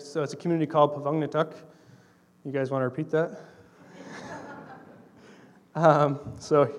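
A young adult man giving a casual missionary talk to a congregation, telling stories in a conversational, earnest way with fillers. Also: a little high. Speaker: missionary speaking to a church.

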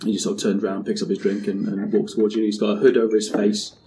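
A man's voice: on the low side, little pitch movement, quick pace, mellow, slight background noise. A man narrating a tabletop game as game master, loose and casual, swearing and laughing.

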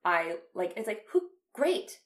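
A woman's voice: medium pitch, very animated, measured pace. Earnest young woman in a roomy space. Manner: rambling, earnest, many restarts and fillers. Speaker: podcast co-host. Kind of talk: casual film discussion. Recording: roomy echo.

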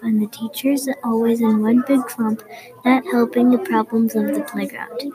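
A female host reads her own short story aloud in a plain storybook narration. Her voice is somewhat high, and some phrases drift into a soft whisper. A steady crowd murmur runs behind her. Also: rough recording.

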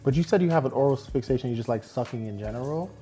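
A woman's voice: rumbling low, fast talker, warm tone, soft background music. A young woman co-hosting a casual chat, frank, teasing and skeptical. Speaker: podcast co-host.

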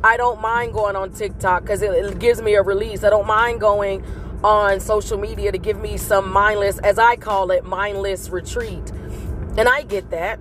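A woman's voice: mid-range voice, fairly even intonation, moderate pace, a bit bright, slight background noise. A woman hosting a motivational vlog, giving an earnest, faith-based pep talk that repeats its points to encourage listeners.

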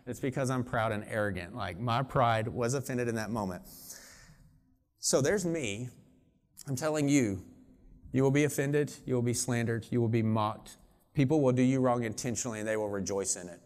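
A man in middle age gives a sermon in a relaxed, conversational tone. He presses his points with earnest emphasis, in a voice of ordinary middle pitch. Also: normal speed. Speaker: pastor.

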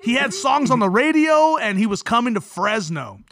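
A man's voice: extremely high pitch, moderate pace, no room sound, clean studio sound. A man who is a comedian and podcast co-host, telling profane stories in casual chat and laughing often. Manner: animated, profane storytelling with frequent laughs.

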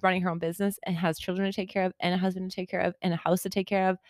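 A woman co-hosting a podcast, talking casually and quickly with lots of fillers. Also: lowish voice, flat delivery, a little mellow, no echo, clean studio sound. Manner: chatty, quick, frequent fillers. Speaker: podcast co-host. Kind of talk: casual chat.

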